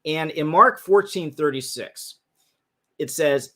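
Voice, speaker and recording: A man whose voice is on the high side, bright, and forceful hosts a livestream, very animated and at normal speed. Into his livestream mic, he explains history casually from slides, frequently restarting phrases.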